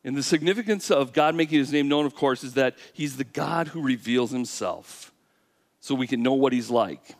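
A man's voice: mid-range voice, moderate pace. A male pastor preaching a sermon, acting out the lines of the characters and putting questions to his listeners. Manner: animated storytelling, acting out God's and Moses' lines, asks the audience questions.

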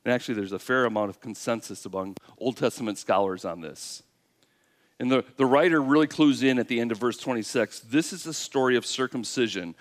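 Preaching at a brisk clip in a medium-pitched voice, this male pastor tells the story with energy. He voices both God and Moses and puts questions to the congregation.

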